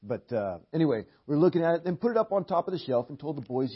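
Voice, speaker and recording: A middle-aged man preaching a sermon in church, animated, often repeating words and clearing his throat, on a dull lo-fi recording. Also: on the high side, fast talker.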